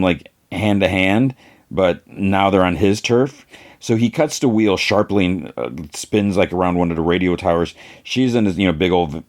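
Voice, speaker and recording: A man's voice: deep voice, a little mellow. A man hosting a podcast, recapping a TV episode casually, full of fillers and briefly voicing the characters. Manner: rambling, filler-heavy, briefly voices characters. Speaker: podcast host.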